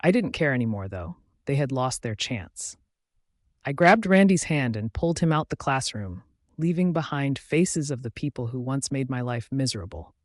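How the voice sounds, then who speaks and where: A man reading a first-person story aloud as narrator in a steady, even manner. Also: mid-range voice, moderate pace, no echo, clean studio sound.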